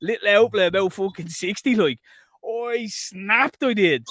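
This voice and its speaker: A man, co-hosting a podcast, telling a profane, animated story in casual chat and loudly acting out what people said. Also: high voice, measured pace, no echo. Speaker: podcast co-host.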